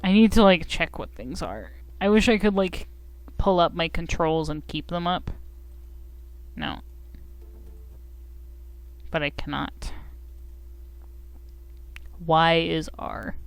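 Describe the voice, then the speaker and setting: A woman's voice: sits low, slow pace, long pauses. A young woman streaming a video game, chatting casually with goofy, giggly, self-mocking commentary.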